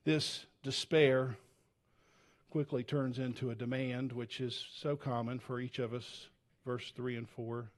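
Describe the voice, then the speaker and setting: A man preaching a sermon as a pastor, earnest and conversational, swinging from loud urgency to hushed, low tones, with frequent restarts. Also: little pitch movement, unhurried. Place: church.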